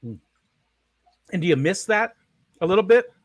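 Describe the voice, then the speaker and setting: A man's voice: high voice, expressive, normal speed, no echo. Rambling chatty man host, dry sound. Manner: rambling, chuckles often. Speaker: stream host. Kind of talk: casual interview chat.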